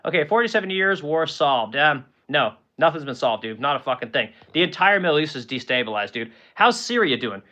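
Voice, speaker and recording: Guy in his 40s ranting fast on a stream, bright edgy voice, cusses a lot, kinda muffled lo-fi audio. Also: fairly high pitch, very animated. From United States. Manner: blunt, profane, rambling with fillers and rhetorical questions. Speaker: livestream host reading chat comments. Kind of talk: casual political rant.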